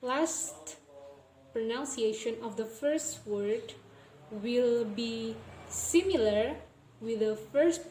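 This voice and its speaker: A young woman with an Indonesian accent giving a recorded class presentation on phonology, repeating example words slowly to show how they sound. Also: a little high, a little mellow, roomy sound, slight background noise, low-quality recording. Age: young adult. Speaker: student presenter.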